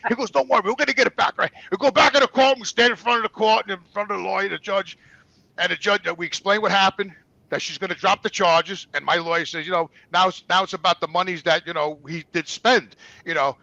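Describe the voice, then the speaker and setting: A man with a high, gravelly voice tells a long, profane story in casual talk, putting on the voices of the people in it. His tone is bright and cutting, and the sound is dry and close with no room around it. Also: fast, no room sound, dull audio. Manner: profane, animated, acts out quotes. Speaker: guest.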